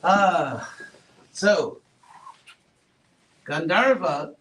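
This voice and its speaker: A man giving a relaxed classroom talk, asking his students questions and adding playful asides. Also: on the high side, drawn-out words. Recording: roomy echo, far from mic, faint noise.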